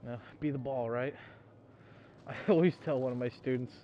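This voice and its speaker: A man's voice: mid-range voice, steady tone, moderate pace. Soaked, chatty man on a lo-fi camera mic. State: soaked and chilled from rain. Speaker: motorcycle travel vlogger. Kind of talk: casual vlog talk to camera. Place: outdoors on a motorcycle and inside a convenience store. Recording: dull lo-fi audio with wind and road noise.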